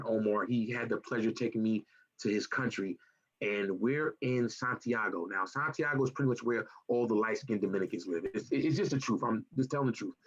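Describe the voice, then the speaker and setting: A young man from Chicago tells stories about his own life in an easy, conversational way. His voice is husky and sits at a middle pitch. He brings the stories to life by doing the voices of the people in them, and the recording sounds dull and lo-fi. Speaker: guest. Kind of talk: casual storytelling. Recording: muffled lo-fi sound.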